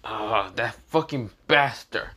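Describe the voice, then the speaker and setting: A man's voice: fairly low pitch, takes it slowly, bright, forceful tone, slight background noise. A man voicing a cold, blunt young swordsman who swears often and rambles dismissively, in a casual spoken fan story. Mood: annoyed.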